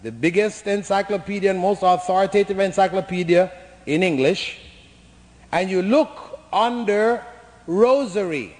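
A man with a fairly high voice delivers an emphatic, lecture-style sermon. He mocks practices he criticizes with pointed imitations. His words ring out with a long hall reverb. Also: measured pace. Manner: emphatic, mocking imitations of chanting. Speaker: preacher.

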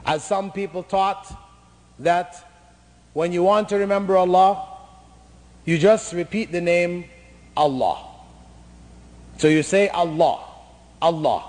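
A man with a fairly high voice delivers an emphatic, lecture-style sermon. He mocks practices he criticizes with pointed imitations. His words ring out with a long hall reverb. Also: a little mellow. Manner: emphatic, mocking imitations of chanting. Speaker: preacher.

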